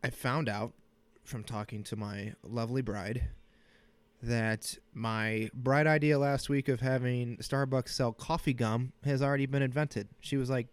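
A man's voice: medium pitch, steady tone, a little slow, clear, resonant tone, dry recording. Joking, rambling man podcaster, dry sound. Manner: joking, self-deprecating, rambling with crude humor. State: sniffling from a cold room. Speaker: podcast host. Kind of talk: casual solo podcast rant. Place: small cold home office.

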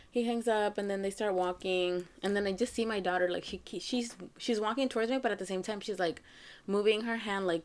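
A woman's voice: fairly low pitch, fairly even intonation, fairly quick, a little mellow. A woman in her thirties hosting a podcast, telling a personal family story in a chatty way, full of fillers, acting out the dialogue of her children. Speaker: podcast host. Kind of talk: casual storytelling monologue.

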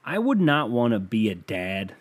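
A man's voice: mid-range voice, sing-song, moderate pace. A young man hosting a podcast in a rambling, profane, self-mocking casual monologue. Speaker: podcast host.

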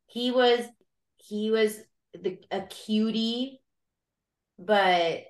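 Giggly woman podcaster in an echoey room. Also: low-pitched. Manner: giggly, gushing, breaks into impressions. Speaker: podcast co-host. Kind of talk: casual chat.

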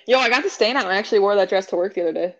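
A young woman chatting casually as a guest, laid-back and quick to laugh. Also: medium pitch, lively intonation, dull audio. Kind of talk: casual chat.

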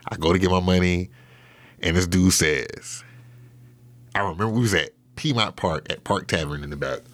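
Low in pitch and fairly bright in tone, this man's voice moves at a moderate pace. As an interview guest, he spins a casual story full of swearing, fillers and false starts.

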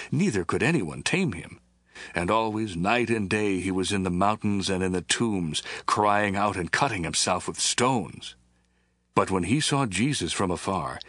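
Low-voiced man reading scripture. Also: a bit bright, slightly rough, no room sound. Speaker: scripture reader.

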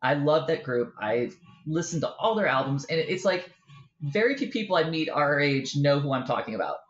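Animated woman telling a story, roomy sound. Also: low voice, normal speed, lo-fi sound. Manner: animated storyteller, acts out quoted voices. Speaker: author guest. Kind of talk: casual interview chat.

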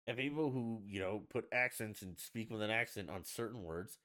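A man's voice: medium pitch, animated, a little fast, hardly any pauses, bright, forceful tone. A man hosting a casual solo podcast from the United States, ranting bluntly and swearing freely. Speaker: podcast host.

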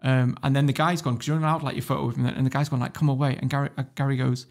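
A man's voice: mid-range voice, level tone, racing, creaky. A man telling a story as a podcast guest, blunt and swearing freely, laughing as he goes. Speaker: guest entrepreneur. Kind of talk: casual storytelling.

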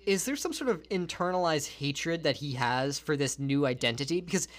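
A man's voice: on the high side, lively intonation, fairly quick. Man recapping a film plot. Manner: recaps plot step by step, explanatory. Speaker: podcast co-host. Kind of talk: casual film-discussion chat.

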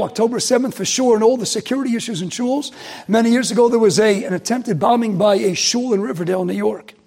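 A man, a rabbi, giving a sermon, swinging from loud outrage to hushed emphasis. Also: high voice, creaky.

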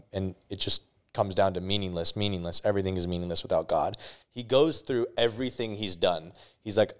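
A man's voice: sits low, fairly even intonation, fairly quick, clear, resonant tone. A young man, a podcast guest, telling a candid personal story in casual talk, swearing freely and restarting his sentences.

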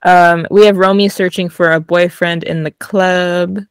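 A woman's voice: on the low side, flat delivery, measured pace, clear, resonant tone, dry recording, studio quality. A woman co-hosting a podcast in casual chat, rambling with many ums and likes. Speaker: podcast co-host.

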